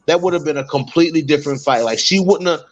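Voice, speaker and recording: A man's voice: fairly high pitch, quick pace. A man co-hosting a casual podcast about fights, easygoing and slangy, who often repeats himself. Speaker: co-host.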